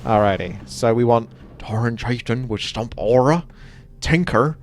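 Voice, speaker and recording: A man's voice: mid-range voice, expressive, unhurried, slight background noise. A man giving casual, chatty gameplay commentary while he plays, joking at himself and reading viewer comments aloud.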